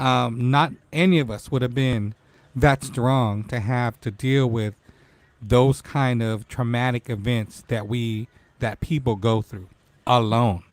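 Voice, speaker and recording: Emotional 40-something guy hosting a livestream, teary, mid pitch, dry close sound. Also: steady tone, slow, no room sound. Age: 40s. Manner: emotional, tearful. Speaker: talk show host. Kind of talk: casual live-stream chat.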